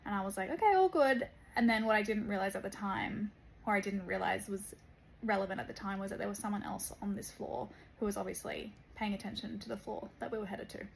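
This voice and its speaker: A woman recounting an eerie travel experience to camera in a measured storytelling way. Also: medium pitch, little pitch movement, creaky, a little hiss or hum, low-quality recording.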